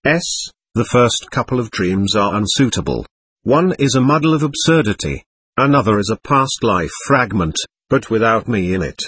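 A man reading the part of a young woman's spirit, calm and measured, in a dry, close recording. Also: fairly low pitch, husky, no echo.

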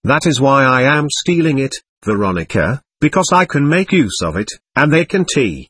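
A man's voice: medium pitch, sing-song, normal speed, a bit bright, slightly rough. A man reading the part of a domineering, aloof man chasing occult power, in an intense, persuasive way. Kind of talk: audiobook reading.

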